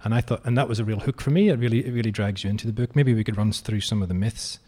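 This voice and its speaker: Male interviewer, lower register, curious and leading, asks long-winded questions. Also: racing, mellow.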